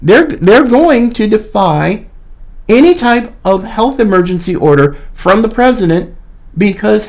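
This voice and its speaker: A man's voice: high-pitched, animated, unhurried. A man hosting a podcast, giving a combative, mocking opinion monologue. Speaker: podcast host.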